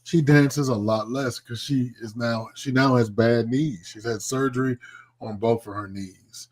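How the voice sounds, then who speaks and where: A man hosting a podcast in casual chat, loud and laughing, swearing freely. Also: medium pitch, fairly even intonation, unhurried. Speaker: podcast host.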